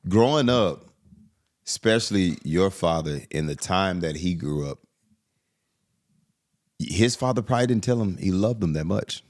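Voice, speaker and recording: A man's voice: low-pitched, animated, measured pace, long pauses, a little mellow. A middle-aged man hosting an interview podcast, chatting in a folksy, reflective way and asking follow-up questions. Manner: folksy, reflective, drops sayings and asks follow-ups. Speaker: podcast host. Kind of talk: casual interview chat.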